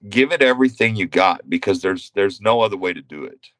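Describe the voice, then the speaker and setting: A retired pro wrestler from Texas telling profane, animated stories as a podcast guest. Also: male voice, lowish voice, no echo, low-quality recording. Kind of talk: casual storytelling.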